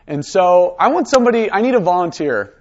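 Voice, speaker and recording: A man teaching a high school Bible lesson, coaxing students to read aloud with conviction. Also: expressive, brisk, dull audio.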